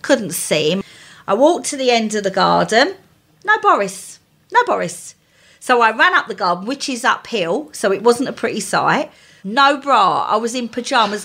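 Lively woman telling stories. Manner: animated storyteller, jumps high when quoting people. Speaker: podcast co-host. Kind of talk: casual chat and anecdote telling.

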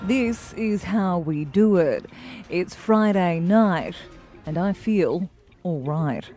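Deadpan Australian newsreader, played by a woman, flat measured delivery, faint music bed. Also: fairly low pitch. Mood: deadpan formal.

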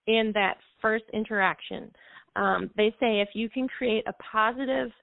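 A woman's voice: mid-range voice, no echo. A woman music therapist, a guest on a call-in radio show, explaining in detail and now and then singing bits of songs to illustrate. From United States. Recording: tinny phone line, dry.

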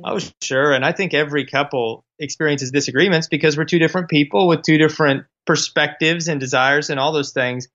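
A man's voice: fairly high pitch, steady tone, fairly quick, few pauses, a bit bright. Earnest man on a muffled phone line. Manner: earnest, explanatory. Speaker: marriage advice guest. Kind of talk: casual radio chat.

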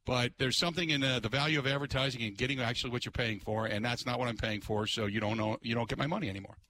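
A man hosting a talk radio show, ranting in an exasperated, animated way and putting on mocking voices. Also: mid-range voice, fast. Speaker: radio host.

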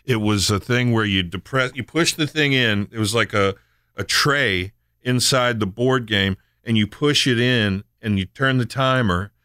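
A man's voice: mid-range voice, a little slow, sharp tone, clear, resonant tone, no echo, clean studio sound. A man hosting a podcast, telling stories and teasing his cohosts in casual chat. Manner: playful, teasing storyteller. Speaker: podcast host.

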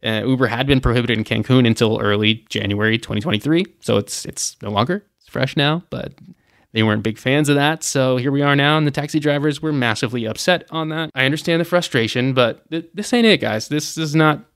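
A man's voice: mid-range voice, brisk, fairly bright tone, no room sound, clean studio sound. A man hosting a travel news podcast, running through the news in a casual, opinionated way with lots of fillers. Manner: chatty and opinionated, many "you know" fillers. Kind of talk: casual news rundown with commentary.

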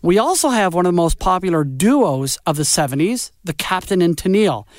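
A man hosting a music radio show, chatting in an animated, joking way. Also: high voice, brisk, no room sound, studio quality. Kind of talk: casual chat.

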